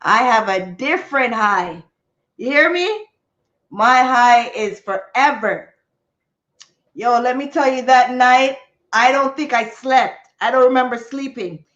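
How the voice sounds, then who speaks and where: A woman hosting a livestream, telling a story to her chat in an animated, expressive way with sound effects. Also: on the high side, slow pace, muffled recording. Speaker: livestream host. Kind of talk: casual storytelling to a live chat.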